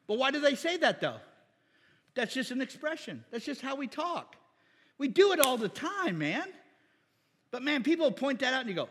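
Animated high-voiced preacher in echoey hall. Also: male voice, moderate pace. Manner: animated, jokey, acts out mock voices and asks rhetorical questions. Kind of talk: sermon.

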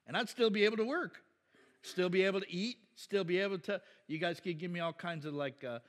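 A man's voice: high voice, brisk, big-room sound. A male pastor preaching in a blunt, conversational way and trading remarks with his congregation in a church. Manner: blunt, animated, talks back and forth with the congregation. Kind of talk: conversational sermon with congregation interaction.

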